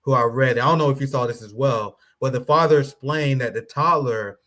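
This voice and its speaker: A man talking casually on a podcast panel, conversational and a bit halting. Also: medium pitch, fairly bright tone. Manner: conversational, with frequent fillers and restarts.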